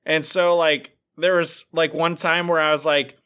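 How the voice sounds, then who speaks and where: A man's voice: a little high, level tone, unhurried, pushed and bright, clear, resonant tone. A man co-hosting a casual podcast, telling a rambling story with lots of filler words. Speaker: podcast co-host. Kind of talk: casual chat.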